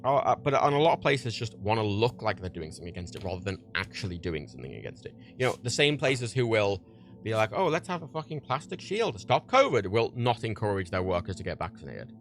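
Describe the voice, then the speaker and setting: A man's voice: lowish voice, quick pace. A man hosting a livestream, ranting heatedly and swearing a lot as he gives his opinions. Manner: heated, profane, animated. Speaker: livestream host.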